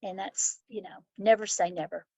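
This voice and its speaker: A middle-aged school principal answers interview questions with heartfelt, reflective personal stories, acting out children's voices. Her voice is medium-pitched, steady, moderately paced and slightly mellow. There's a little hiss or hum.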